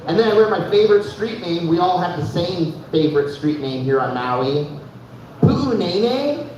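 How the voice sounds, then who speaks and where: A man's voice: high voice, expressive, normal speed, darkish tone, a little hiss or hum. A young man from North Dakota doing a stand-up comedy set, casual and loose, dropping "dude" all the time and laughing at his own jokes. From Fargo, North Dakota. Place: live comedy show in a room. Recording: echoey room, mic heard from far, dull.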